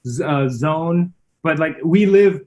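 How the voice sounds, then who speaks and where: Man, guest musician, from canada, casual rambling chat, higher voice. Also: slow pace, lo-fi sound. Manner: relaxed, rambling with restarts.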